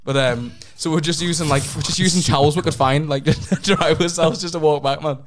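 A young man, telling a rambling story on a casual podcast, his voice jumping up in pitch when he gets excited. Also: brisk. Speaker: podcast co-host. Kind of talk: casual chat.

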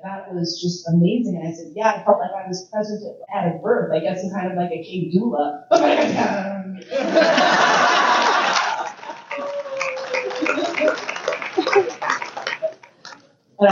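A woman speaking as featured guest at a conference Q&A, telling stories in a casual, profane, animated way. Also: medium pitch. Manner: profane, animated storyteller with frequent laughs. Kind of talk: casual storytelling Q&A. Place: event room at a conference. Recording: echoey room from far off, dull and noisy.

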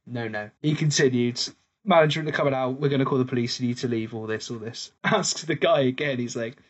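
Husky-voiced storytelling man. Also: medium pitch, a little fast. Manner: animated storyteller, swearing, laughing often. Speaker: podcast co-host. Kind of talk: casual pub chat. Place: pub.

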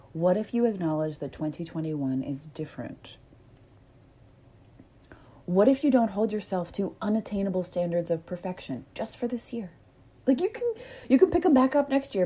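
A woman in her thirties hosting a podcast, speaking candidly in a reflective solo monologue, swearing freely and gently coaching her listeners. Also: sits low. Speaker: podcast host.

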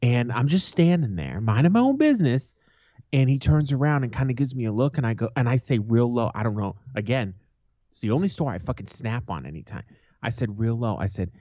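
A man's voice: mid-range voice, sing-song, fairly quick, mellow, dry recording. A man co-hosting a podcast, telling stories in a blunt, profane, aggressive way. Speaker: podcast co-host. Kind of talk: casual storytelling chat. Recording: slightly dull, lo-fi sound.

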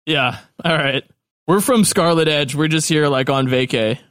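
A man's voice: fairly high pitch, normal speed, a bit bright, lightly acted. A man voicing a laid-back punk teenage drow boy who drawls in slacker slang.

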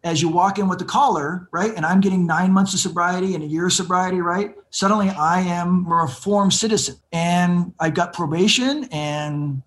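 A man's voice: high voice, normal speed, hardly any pauses, a bit bright, a little hiss or hum. A man in his fifties telling his recovery story as an interview guest, acting out the voices of people he quotes.

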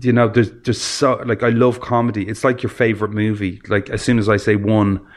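A man's voice: lowish voice, flat delivery, a little fast. Rambling Irish man, chatty guest. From Ireland. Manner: rambling, hesitant, lots of fillers and restarts. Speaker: podcast guest. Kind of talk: casual chat. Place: recording studio.

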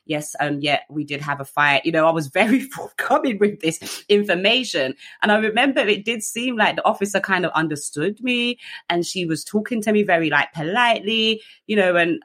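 A woman's voice: medium pitch, a little fast. A young woman, a podcast guest telling a personal story candidly, full of fillers and self-mocking laughs. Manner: chatty, frequent fillers, animated quoting, laughs at herself.

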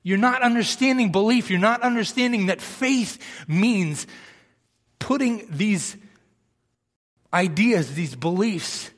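Male preacher, high-pitched voice, fired-up and emphatic, long hall echo. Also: takes it slowly, a bit bright. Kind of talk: sermon.

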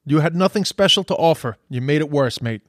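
A man's voice: a little high, animated, fairly quick, dry recording, clean studio sound. A man ranting about social media posts in a heated, profane way, repeating himself as he gets worked up. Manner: indignant, sweary, repeats himself when heated. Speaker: commentator reacting to posts.

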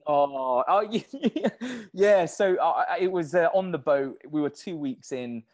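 A man being interviewed on a podcast, telling stories in an animated, casual way and laughing often. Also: a little high, takes it slowly. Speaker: podcast guest, endurance athlete.

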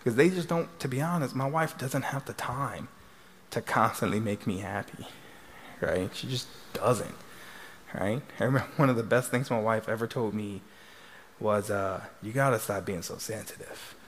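A man's voice: mid-range voice, normal speed, slight background noise. A middle-aged man, a couples therapist speaking to a live audience in a chatty way, tagging sentences with "right?". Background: audience laughter.

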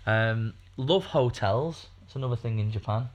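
A man's voice: medium pitch, normal speed, muffled recording. A man co-hosting a podcast, talking casually in a rambling way with lots of fillers. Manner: rambling, chatty, many fillers and restarts. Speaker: podcast co-host.

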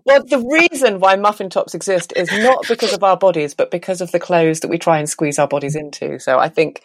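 A woman's voice: on the low side, a little fast, no room sound. A woman with a Southeast London accent, co-hosting a podcast in casual, enthusiastic chat. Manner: chatty, enthusiastic, reads listener emails aloud. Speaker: podcast co-host.

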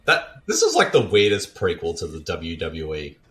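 A man's voice: low-pitched, huge pitch swings. Joking man riffing on a movie. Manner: jokey, does quick impressions. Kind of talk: casual movie commentary with friends.

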